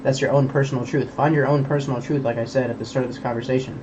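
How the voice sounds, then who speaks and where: A man's voice: mid-range voice, fairly even intonation, racing, highs cut off, noisy background. A young man streaming, rambling in casual chat, swearing a lot and preaching about belief.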